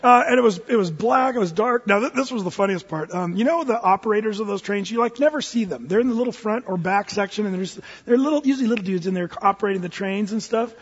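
Husky high-voiced man spinning a story. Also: fast talker, few pauses. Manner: rambling, lots of fillers and restarts, acts out quotes. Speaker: speaker telling a personal story. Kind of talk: anecdotal storytelling. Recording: dull, reverberant hall.

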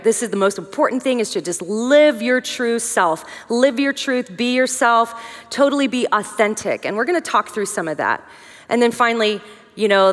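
Woman teaching with joking asides in a hall. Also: medium pitch. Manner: conversational, joking asides, lively emphasis. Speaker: women's conference speaker. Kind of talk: humorous teaching talk.

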